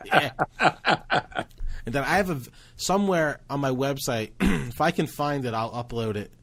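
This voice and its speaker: A man's voice: medium pitch, moderate pace, fairly bright tone. A man hosting a podcast, telling rambling, profane stories in casual chat. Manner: rambling storyteller, swears, laughs a lot. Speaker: podcast host.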